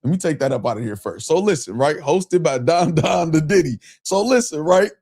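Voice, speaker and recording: A young man runs his livestream in relaxed, slang-heavy talk, calling out names from the chat as they come in. His voice sits a little on the high side. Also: fairly quick, slightly rough. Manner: loose and slangy, reading out chat shout-outs. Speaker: livestream show host.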